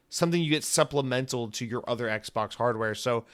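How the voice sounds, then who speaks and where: A male podcast host talks alone in a loose, chatty monologue that drifts into silly asides. His pitch sits at a medium height for a man, and his delivery stays easygoing and conversational. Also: a bit bright, smooth. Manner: rambling, jokey, full of comic tangents. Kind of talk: casual solo podcast monologue.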